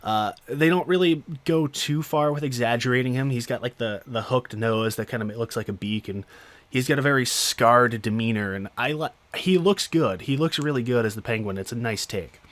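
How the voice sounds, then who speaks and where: A man's voice: medium pitch, normal speed, a bit bright, no room sound. A man hosting a podcast, giving an unscripted, rambling solo film review with lots of fillers and casual swearing. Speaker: podcast host.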